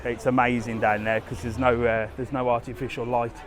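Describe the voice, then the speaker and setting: This travel vlogger and live-stream host has a mid-range voice with a flat, brisk delivery. Walking outdoors on a resort street, he gives a casual live tour, chatting in an easygoing way, speaking straight to viewers and reading their comments aloud.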